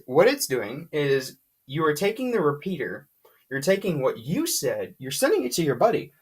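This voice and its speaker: A lively, emphatic explainer walks through radio gear in a casual whiteboard lesson. The voice sits at an ordinary middle pitch and keeps hammering points home by repeating them. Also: slightly rough.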